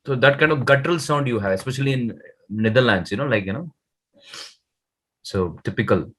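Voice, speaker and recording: A man teaching a beginner Dutch lesson over a video call, patient, and sounding out words very slowly. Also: medium pitch, a bit bright. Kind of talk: online one-to-one language lesson.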